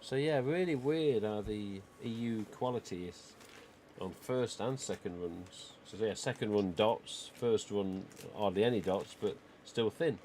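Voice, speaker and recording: A man's voice: fairly low pitch, a little slow, a little mellow, slight background noise. A man hosting a livestream, chatting casually and rambling with lots of "you know" asides. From England. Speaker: livestream host.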